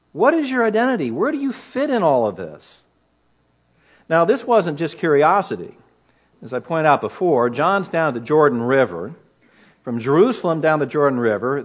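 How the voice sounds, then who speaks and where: A man teaching through a Bible passage in an earnest, emphatic way, often asking rhetorical questions. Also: medium pitch. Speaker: preacher.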